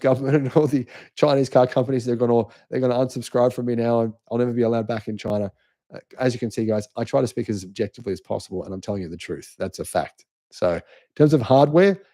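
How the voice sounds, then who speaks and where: A man's voice: mid-range voice, warm tone. A middle-aged Australian man hosting a live-stream, speaking emphatically and insistently while he answers chat comments, often restarting his sentences. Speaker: channel host.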